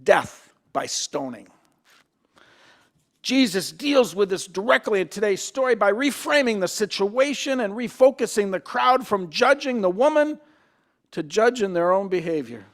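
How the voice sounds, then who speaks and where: A man's voice: high-pitched, expressive, a little slow. A male pastor giving a conversational sermon, asking the congregation questions and sometimes repeating himself as he restarts. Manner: acts out quoted voices.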